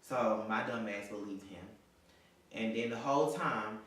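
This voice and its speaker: A man's voice: on the low side, measured pace, a bit bright. A young man telling a storytime vlog about a cheating boyfriend, profane and dramatic, sometimes talking at his ex as if he were there. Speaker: vlogger. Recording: echoey room, distant mic, faint noise.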